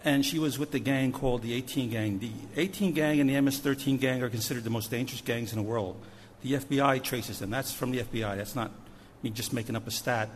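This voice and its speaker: A missions pastor, a man, tells a story from the pulpit with animated energy, now loud, now soft. His voice carries a long church-hall reverb. A faint hum of the room sits underneath. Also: medium pitch, fast talker, few pauses. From New Jersey. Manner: animated storytelling with shifting loudness. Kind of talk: sermon story. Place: church sanctuary.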